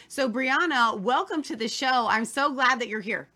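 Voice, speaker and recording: An enthusiastic woman hosting a faith talk show, her voice sitting on the high side and ringing bright. She introduces her guest in an effusive way, with a few fillers along the way. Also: moderate pace, few pauses. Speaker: show host.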